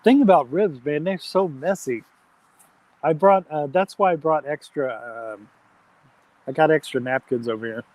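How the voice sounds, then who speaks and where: A man's voice: a little high, a little slow, dry recording. Chatty man, dry close sound. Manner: chatty, reads chat aloud, friendly shout-outs. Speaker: live-stream host. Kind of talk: casual live-stream chat. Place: outdoors at a campfire.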